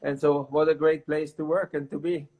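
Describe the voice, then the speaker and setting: A man's voice: on the high side, flat delivery, normal speed, a little mellow, poor audio. A middle-aged man with a German accent, a winemaker explaining his work on a video call from his wine cellar, often restarting his sentences. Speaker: winemaker guest. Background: barrels rolling.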